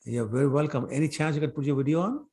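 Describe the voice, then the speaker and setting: A man ending an online class and chatting warmly, often repeating himself. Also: fairly high pitch, fast talker. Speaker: class teacher. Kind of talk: end of an online class, casual chat. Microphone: video call.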